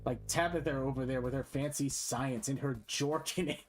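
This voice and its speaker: A man's voice: mid-range voice, fairly even intonation, normal speed, faint music behind, lightly acted. A man voicing a sleazy, sweaty, wheezing male political candidate who heckles his rivals in a brash, dismissive way.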